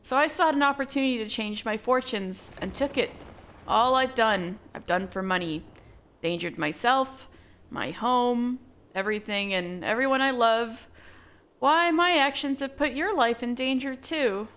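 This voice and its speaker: A woman's voice: a little high, normal speed, fairly bright tone, lightly acted. Girl putting on a stammery guard guy who got caught selling out, sounds desperate, game voice read out on stream. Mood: remorseful. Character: male guard caught as a traitor, pleading, then confessing. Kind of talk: reading game dialogue aloud on stream.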